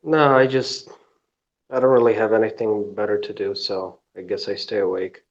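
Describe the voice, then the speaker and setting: A man's voice: lowish voice, fairly even intonation, normal speed, muffled recording. A man from Poland, a podcast guest who talks in a laid-back, understated way.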